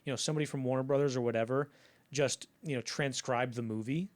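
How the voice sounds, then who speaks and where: A man's voice: mid-range voice, steady tone, fast talker. A young man co-hosting a casual film-history podcast, rambling through anecdotes and acting out the people in them. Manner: rambling, acts out anecdotes in quoted voices. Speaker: podcast co-host.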